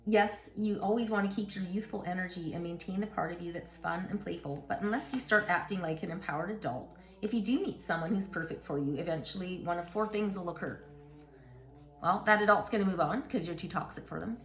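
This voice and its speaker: A woman's voice: fairly low pitch, fairly quick. A middle-aged woman hosting a casual book talk, chatting and reading passages aloud in an encouraging way with asides to her listeners.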